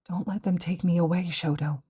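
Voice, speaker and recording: A woman's voice: on the low side, fairly even intonation, brisk, warm tone, slightly rough. Woman doing a frightened tearful seven-year-old boy. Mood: fearful. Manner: small, pleading, teary voice.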